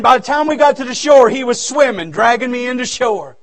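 A male revival preacher, his voice pitched very high for a man. He preaches in a fervent, folksy way and breaks into shouts, from a church sanctuary. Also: expressive, brisk, hardly any pauses. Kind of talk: revival sermon.

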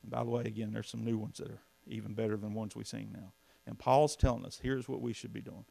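A man's voice: fairly low pitch, flat delivery, fast talker, vocal fry, a little mellow. A man preaching from the pulpit, folksy and emphatic, often asking the congregation questions. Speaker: pastor. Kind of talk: sermon.

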